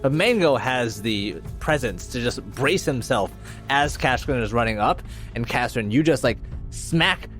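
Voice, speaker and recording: A man's voice: mid-range voice, lively intonation, unhurried, fairly bright tone, faint music behind. A man playing a tabletop role-playing game, describing his actions in detail. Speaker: player. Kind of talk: casual tabletop play.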